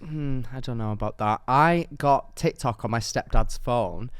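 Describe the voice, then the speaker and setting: A young man co-hosting a podcast, chatting casually and acting out the people in his stories with lively quotes. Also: mid-range voice, unhurried, smooth, no echo. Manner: storytelling with acted-out quotes and frequent laughs. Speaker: podcast co-host.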